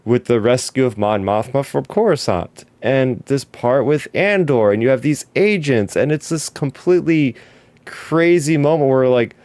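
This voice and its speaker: A man's voice: mid-range voice, moderate pace, darkish tone, no echo. A man co-hosting a podcast, talking in an effusive, emotional way with many restarts. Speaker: podcast co-host. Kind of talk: casual podcast discussion.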